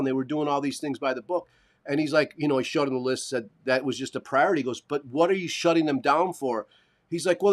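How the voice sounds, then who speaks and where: A man co-hosting a live stream, telling a long story in casual chat, swearing and acting out the people he quotes. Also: mid-range voice. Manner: animated, swearing, acts out quoted voices. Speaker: podcast co-host.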